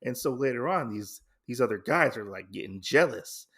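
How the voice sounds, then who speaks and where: Man, podcast host, casual comic recap, creaky gravelly voice, mid pitch, rambling. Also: expressive, normal speed, fairly bright tone. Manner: rambling, with fillers and self-corrections.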